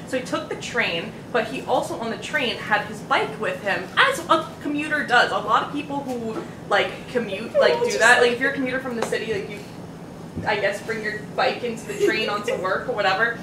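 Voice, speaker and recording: Young woman podcast host rambling thru a story, bouncy voice, a little high, echoey noisy room. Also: fairly quick, far from the mic. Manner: rambling, full of "like" and restarts, laughing through stories. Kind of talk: casual chat, storytelling.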